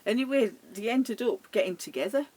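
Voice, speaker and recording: Husky-voiced woman telling stories. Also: on the high side, fairly quick, rough recording. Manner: chatty, animated retelling with laughs. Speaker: vlogger. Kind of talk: casual storytelling.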